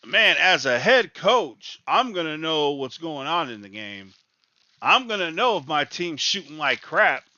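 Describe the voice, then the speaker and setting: A man's voice: fairly high pitch, big pitch swings, a little slow, bright, forceful tone, no echo, dull audio. A man ranting in exasperation as he reacts live to a college basketball game, repeating his complaints. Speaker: sports talk host.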